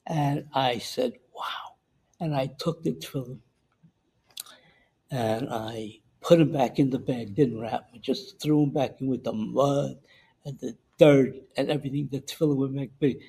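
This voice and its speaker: Gravelly older man telling a war story. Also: mid-range voice, fairly even intonation, warm tone, low-quality recording. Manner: halting, repeats words and acts out the dialogue he recalls. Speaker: veteran recounting wartime memory. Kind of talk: oral history storytelling.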